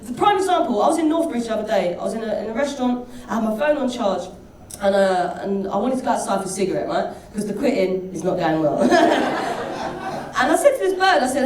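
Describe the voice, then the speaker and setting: A woman doing a stand-up routine, crude and animated, throwing questions at the crowd. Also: a little high, fairly quick. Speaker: stand-up comedian. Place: comedy club stage. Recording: roomy distant live stage sound with crowd. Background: audience laughter.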